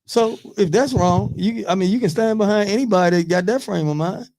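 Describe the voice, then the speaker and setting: A man in his thirties on a radio talk show, telling profane, animated stories in casual chat. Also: high voice, a little fast.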